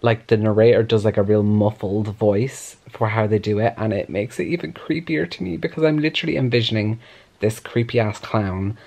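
A man's voice: fairly low pitch, normal speed, gravelly. Gushing, chatty man vlogging about books. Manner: gushing and animated, heavy use of "like". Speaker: book vlogger. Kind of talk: casual reading vlog chat. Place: room at home, lights off at times.

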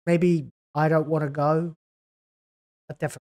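A woman's voice: deep voice, little pitch movement, moderate pace, darkish tone. A woman hosting a video reaction, talking in a sarcastic, scathing way with exasperated groans. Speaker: YouTube reaction host.

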